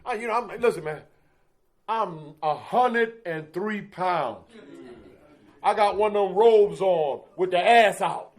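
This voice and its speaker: A middle-aged man speaks from a conference stage in a high register, telling his addiction story with blunt profanity. He keeps checking in with the crowd with "Huh?" and "You know what I'm saying?". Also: takes it slowly. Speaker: guest speaker at a recovery conference. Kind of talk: raw testimony speech.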